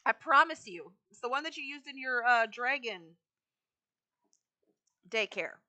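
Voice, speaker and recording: Bright-voiced woman chatting on a game stream. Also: on the high side, lively intonation, unhurried. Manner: chatty, talks to chat while decorating. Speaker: live streamer. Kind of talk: casual game-stream chat.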